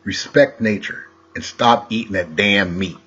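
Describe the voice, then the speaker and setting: Husky low-voiced guy preaching slow, lo-fi sound, lots of rhetorical questions. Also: a bit bright. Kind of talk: rambling wordplay monologue.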